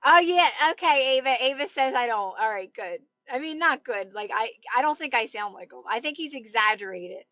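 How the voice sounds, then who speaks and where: Woman in her thirties, Philly-area accent, chatty live host, higher voice, dull dry phone audio. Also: animated, moderate pace, few pauses, sharp tone, no room sound. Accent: Delaware County (Philadelphia area). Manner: chatty, rambling, laughs often, greets viewers. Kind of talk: casual live-stream chat.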